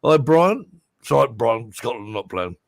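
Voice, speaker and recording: A man's voice: medium pitch, big pitch swings, a little slow, creaky. A man hosting a casual live stream from home, joking and greeting viewers by name one after another. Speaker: livestream host.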